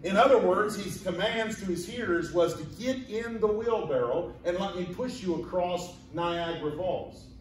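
A pastor with a high-sitting voice preaches a sermon in a church sanctuary, telling folksy stories and acting out voices in quotes. He talks at normal speed with hardly any pauses, and the distant mic picks up an echoey room and slight background noise.

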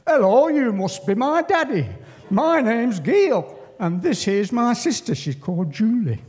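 A man's voice: very high voice, very animated, a little slow, a little mellow, long reverb tail, pitched above the performer's own voice, exaggerated voice. An older man putting on the voice of a polite little girl of four while telling a story. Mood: cheerful.

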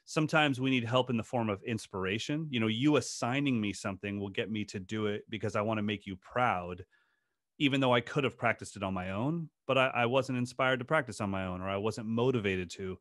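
Man, podcast guest, low voice, earnest storytelling, dry close sound. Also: brisk, a bit bright, dry recording. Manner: earnest, passionate, rambling with restarts. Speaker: guest drum educator. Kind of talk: casual podcast interview storytelling.

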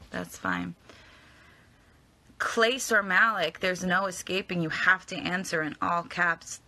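A woman's voice: medium pitch, vocal fry, sharp tone, husky. A young woman answering fan questions in a casual live Q&A, rambling and hesitant as she stumbles over her words. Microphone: phone at arm's length.

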